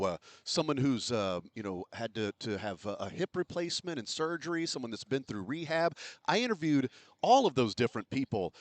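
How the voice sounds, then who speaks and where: On radio row at a big sports event, a man with a mid-range voice hosts a sports radio show, chatting casually and rambling with lots of fillers and restarts. The recording is dry.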